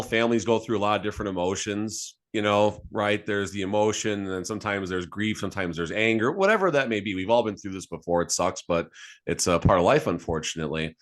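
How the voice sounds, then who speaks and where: A man co-hosting a casual sports podcast with a fairly low voice. He jokes and gets animated, often repeating words and restarting as he riffs on the games. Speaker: podcast co-host.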